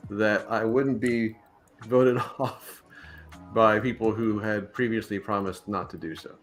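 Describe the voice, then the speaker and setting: A man's voice: on the low side, fairly even intonation, a little slow. Casting note: male co-host, casual, stammering restarts, dry humor, faint music behind. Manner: hesitant with many restarts, dry wordy humor. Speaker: co-host of a 3D art live stream. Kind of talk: casual chat while sculpting.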